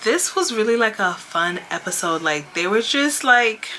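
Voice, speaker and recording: A woman chatting casually as a vlogger, animated and full of "like" and "you know" fillers. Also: mid-range voice, normal speed, a little hiss or hum. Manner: chatty and animated, acting out quoted lines. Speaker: show recap vlogger. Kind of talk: casual chat.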